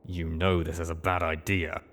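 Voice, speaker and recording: A man reading aloud, voicing a wary male pony companion who speaks dryly and flatly. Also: sits low, normal speed. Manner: dry, flat, sardonic. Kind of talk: audiobook reading.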